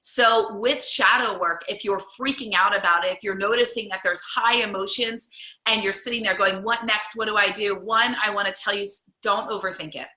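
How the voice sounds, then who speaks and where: A woman with a very bright, forceful voice talks chattily to a group on a call, encouraging them and filling pauses with ums and likes. The sound is roomy, with a noticeable echo around her. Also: mid-range voice. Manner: chatty, encouraging, many fillers. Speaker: group coach. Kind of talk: group call coaching talk.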